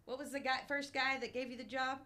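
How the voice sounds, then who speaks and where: A woman's voice: sits high, little pitch movement, fast talker, sharp tone. A woman hosting a casual interview, encouraging and enthusiastic toward her guest. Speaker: podcast host.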